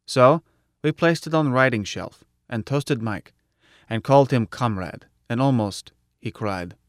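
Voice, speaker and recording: A male audiobook narrator tells the tale in the first person with a blunt, clipped delivery. His voice sits at a middle pitch, recorded dry and close. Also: unhurried, no room sound. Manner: blunt, clipped colloquial phrasing.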